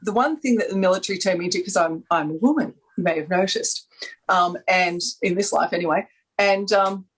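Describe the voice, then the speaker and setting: A woman's voice: lowish voice, brisk, slightly rough, low-quality recording. A woman with an Australian accent, chatting enthusiastically on a panel, rambling and laughing often. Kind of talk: casual chat.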